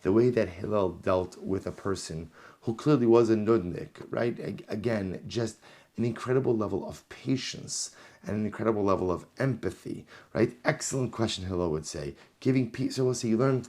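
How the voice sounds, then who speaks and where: A low-pitched man leads a Talmud class as a rabbi. He reads each passage in the original, then retells it in English with animated storytelling. He often says a line twice for emphasis. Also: normal speed. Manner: reads Aramaic text aloud, then explains it in English.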